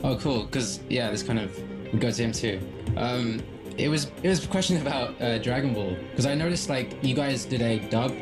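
A man's voice: mid-range voice, normal speed, over music. A man from England, calling in to a stream and talking hesitantly with many restarts. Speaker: caller. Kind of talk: casual call-in chat.

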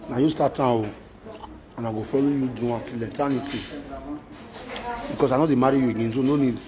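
A man's voice: medium pitch, steady tone, a little fast, a crowd in the background, poor audio. A man with a Nigerian accent in an emotional rant to his wife, repeating himself and mixing in Pidgin exclamations. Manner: repetitive, mixes Pidgin with exclamations.

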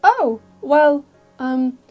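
A woman's voice: high voice, expressive, extremely slow, faint music behind, voice pushed up, exaggerated voice. A woman voicing a caring, slightly flustered teenage girl in an audio fic reading.

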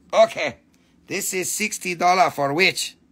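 A man's voice: high voice, pushed and bright, husky. Crude, joking man selling crystals. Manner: crude joking sales patter. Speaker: live sale host. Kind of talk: live shopping stream.

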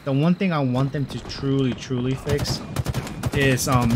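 A young man giving casual, slangy gameplay commentary, swinging between mumbles and loud excited outbursts. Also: medium pitch, a little slow, background noise. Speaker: gamer. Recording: game gunfire loud behind voice.

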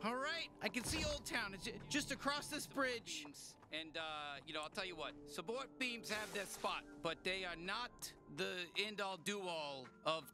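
A man's voice: high voice, lively intonation, moderate pace, over music. A man voicing a wisecracking talking alien gun in a video game, rambling and stammering as he chats.

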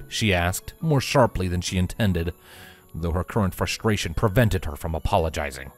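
A man reading a fanfiction story aloud in a slow, measured, expressive storybook narration. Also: fairly low pitch. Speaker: fanfiction reader. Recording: dry close voice with faint music.

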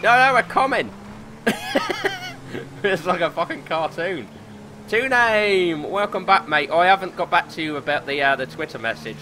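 A British man narrates his gameplay in a fast, excitable way, full of swearing and laughter. His voice sits a little high and leaps all over the place. Loud game noise runs beneath him. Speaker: gameplay commentator. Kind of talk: casual let's play commentary.

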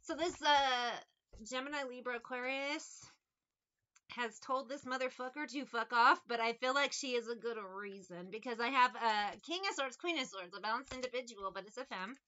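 A woman's voice: fairly high pitch, normal speed, sharp tone, muffled recording. A woman giving a casual tarot reading in a blunt, profane, mocking way. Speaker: tarot reader.

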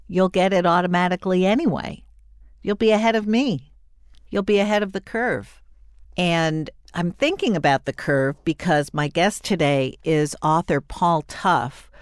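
Older woman, podcast host, chatty and effusive, lowish voice, dry close mic. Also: no echo. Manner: chatty, animated and warmly effusive. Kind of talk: solo podcast monologue.

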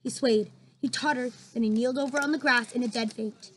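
A teacher reads a children's book aloud to her class, her high voice expressive and fairly quick, often pausing for chatty asides. The recording is rough, with a faint hum of ambient noise behind her.

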